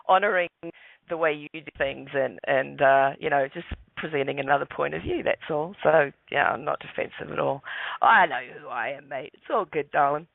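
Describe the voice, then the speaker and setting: A man's voice: a little high, gravelly, no echo. Male guest, hesitant storyteller, tinny dry Skype audio. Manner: hesitant, restarts often, says mate. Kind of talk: storytelling on a radio call-in. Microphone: Skype call.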